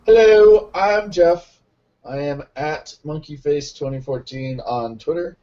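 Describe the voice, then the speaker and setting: A man's voice: fairly high pitch, takes it slowly. Mock-proud man player, muffled mic. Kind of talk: casual self-introduction.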